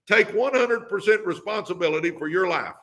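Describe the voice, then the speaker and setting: Older man, motivational host, high-pitched, bright tone, preachy, energetic. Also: brisk. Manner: fired-up, preachy, repeats catchphrases. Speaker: podcast host. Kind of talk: motivational live-stream talk.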